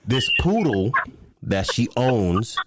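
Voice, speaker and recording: A man's voice: medium pitch, slow pace, noisy background. A man co-hosting a casual chat, telling stories with lots of laughter. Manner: animated storytelling, laughs often. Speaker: podcast co-host.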